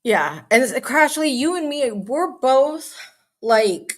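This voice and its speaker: A woman hosting a casual live chat, reading out viewer comments in a bubbly, hyper, chatty way with quick asides and laughs. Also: high-pitched, animated. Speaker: live stream host. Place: home.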